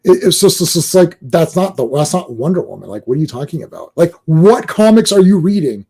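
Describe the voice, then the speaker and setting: A man co-hosting a podcast in casual chat, animated, who acts out other people's complaints in mocking voices. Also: on the high side, brisk, slightly rough. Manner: animated, mimics fans in mocking quoted voices. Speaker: podcast co-host.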